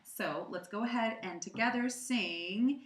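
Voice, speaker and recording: A woman voice coach leading a guided vocal warm-up lesson, cueing and counting the singer through each exercise in an encouraging way. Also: mid-range voice, measured pace. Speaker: voice and audition coach. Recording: roomy sound with piano behind. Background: piano accompaniment.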